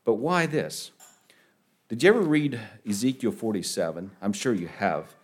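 Halting, lively-voiced male preacher. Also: fairly low pitch, slightly rough. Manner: halting, repeats words, lively rises on key phrases. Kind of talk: sermon.

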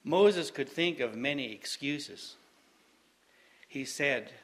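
A man preaching a sermon, slow and deliberate, repeating phrases for emphasis. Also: medium pitch, expressive, a bit bright.

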